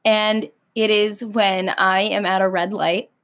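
A woman's voice: mid-range voice, steady tone, slow, fairly bright tone. An American woman ranting casually to camera, packing her talk with "like" and blunt, sassy swearing. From United States. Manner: filler-heavy, frequent "like". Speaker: vlogger.

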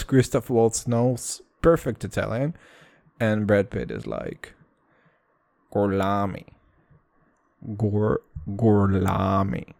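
A man's voice: medium pitch, gravelly, no room sound, studio quality. A man chatting casually in a vlog, rambling and swearing, often repeating "dude" and "all right".

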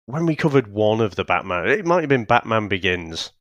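Talking a little fast in a fairly low, sing-song voice with a fairly bright tone, this podcast co-host chats casually about a film he's reviewing. He laughs a lot, curses and keeps restarting sentences, and the audio is dull, with no room sound.

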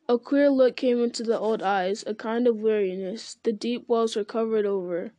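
A woman reading a novel aloud in a steady, unhurried storytelling manner. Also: fairly high pitch, no echo. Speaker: reader.

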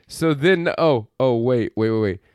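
A man's voice: mid-range voice, expressive, a little slow, a little mellow, smooth, dry recording, studio quality. A man co-hosting a podcast, recapping a film in a rambling, exasperated, profane way. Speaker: podcast co-host. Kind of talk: casual film review chat.

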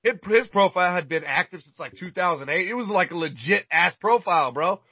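A man's voice: high voice, lively intonation, fairly quick, slightly rough, no room sound. A man chatting casually, telling a rambling, profanity-laden story and stumbling over repeated words. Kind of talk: casual chat, crude storytelling. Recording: dull lo-fi recording.

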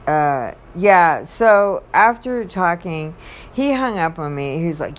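A woman with a low voice and an unhurried pace talks casually about faith. She rambles, halts and restarts her sentences mid-thought, like a ministry worker recounting her day. Faint noise sits behind her. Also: expressive.

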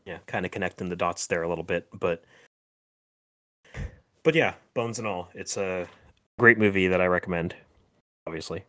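Niski męski głos, pełen wahań. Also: male voice, low voice, bright, forceful tone. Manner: halting, many fillers and restarts, laughs often. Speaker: podcast co-host. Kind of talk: casual chat.

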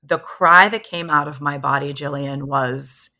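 A woman's voice: sits low, a little slow. A woman in her thirties, a podcast guest, telling a personal story candidly and acting out what others said. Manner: candid, animated retelling that acts out what others said.

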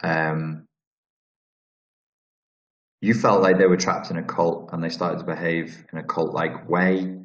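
This channel host from Liverpool, England, speaks low with little pitch movement, at a measured pace with frequent pauses, in a Scouse accent. Fielding viewer questions on a live stream, he is blunt and profane and rambles with restarts; the audio is roomy, dull, and lo-fi.

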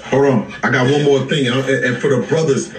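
A man's voice: medium pitch, steady tone, brisk, reverberant, recorded from a distance, a crowd in the background. A man hosting a livestream, talking with passion, repeating himself and laughing between lines. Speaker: livestream host. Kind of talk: impassioned casual talk.

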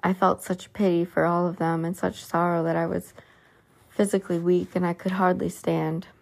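Low, gravelly woman reading aloud. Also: flat delivery, normal speed. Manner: earnest and pleading. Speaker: reader of a religious book. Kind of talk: book read aloud.

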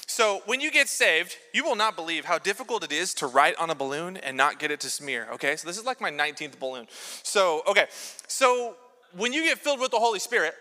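A man preaching a sermon as pastor in a church, telling lively jokey stories with props. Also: high voice, a little fast. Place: large church sanctuary. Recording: long church hall reverb.

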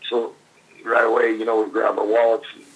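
A man's voice: fairly low pitch, monotone, fairly quick, slightly rough, lo-fi sound. An older man, a former pro wrestler, animatedly telling anecdotes in a casual interview with laughs and fillers.

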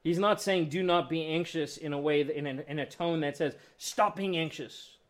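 A man's voice: on the high side, fairly even intonation, a little fast. A man preaching a sermon in a conversational way, acting out quoted voices. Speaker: pastor.

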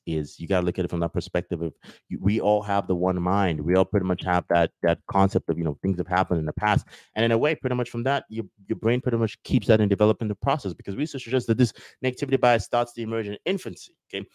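Low-ish voiced guy rambling fast to his viewers, dry close sound. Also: a little mellow, no room sound. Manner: rambling, acts out little scenes with voices. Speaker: self-help video host. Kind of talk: casual teaching talk to viewers.

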